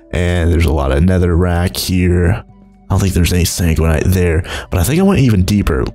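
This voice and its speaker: With lively intonation and a darkish tone, a young gaming YouTuber narrates his Minecraft let's play at normal speed over faint background music. He rambles, chuckles, and jumps between low mumbles and high exclamations.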